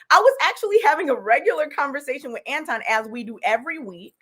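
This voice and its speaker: Exasperated high-voiced woman, lively. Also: quick pace. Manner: repeats herself, exasperated. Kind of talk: heated panel debate.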